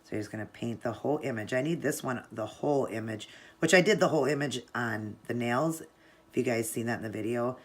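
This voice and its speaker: A woman's voice: extremely low pitch, fairly quick, breathy edge. A woman narrating a casual step-by-step nail art tutorial, chatting to viewers as she works. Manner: chatty, talks to viewers while working.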